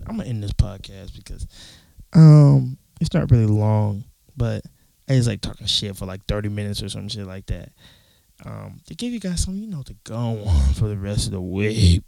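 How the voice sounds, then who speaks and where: Gravelly, animated young man ranting. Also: lowish voice, no room sound, rough recording. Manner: profane, rambling, animated. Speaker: podcast host. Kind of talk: casual solo podcast rant. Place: his closet. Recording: dry closet recording.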